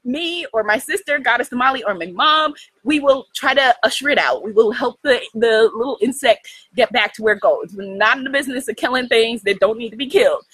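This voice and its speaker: New lady on a livestream, high bright voice, laughs a lot, chatty, dry sound. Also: brisk, breathy edge, dry recording, rough recording. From United States. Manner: animated, laughing often, talks to viewers directly. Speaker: host of a spiritual livestream. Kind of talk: casual storytelling livestream. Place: outdoors in the jungle.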